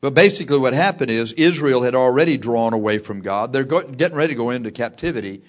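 A man preaching a sermon, telling a personal story with lively delivery, laughing often and shouting at the big moments. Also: medium pitch, fast talker.

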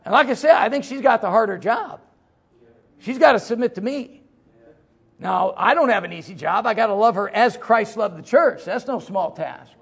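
A middle-aged man preaching a sermon as pastor, folksy and joking, swinging from loud emphasis to low asides. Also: animated, moderate pace, gravelly, husky.

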